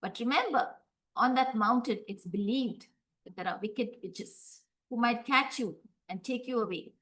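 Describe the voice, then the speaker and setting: A woman voicing a calm, wise old monk who speaks slowly and solemnly. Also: fairly high pitch, poor audio. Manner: slow, solemn, cautioning. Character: gentle elderly male monk, wise and calm.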